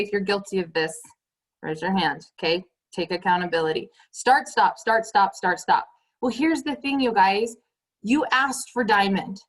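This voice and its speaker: On a low-quality recording, a woman with a slightly high voice leads her sales team through a motivational call. She speaks emphatically, repeats her points, and keeps addressing everyone as "you guys."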